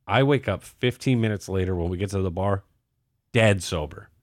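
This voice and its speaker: A man's voice: sits low, fast talker, no room sound, clean studio sound. A young man hosting a podcast, telling a crude, rambling story full of swearing and fillers. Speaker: podcast host. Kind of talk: casual storytelling.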